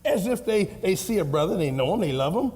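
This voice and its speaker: A man playing an excitable old grandfather who has attended church for decades, rambling through examples in a church comedy skit. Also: fairly quick. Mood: folksy. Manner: drawling, rambling, bursts into high squeals.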